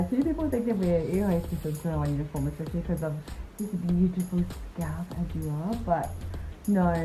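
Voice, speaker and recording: A young woman with a New Zealand accent chatting casually in a vlog about her airport night shifts, upbeat and quick to laugh. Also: lowish voice, dark tone, low-quality recording. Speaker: vlogger and airport worker. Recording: background music under the voice.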